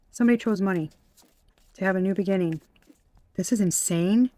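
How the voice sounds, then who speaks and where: A young woman giving an excitable tarot reading, exclaiming, gasping and swearing as she goes. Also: medium pitch, fast talker, long pauses, no room sound. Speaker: tarot reader.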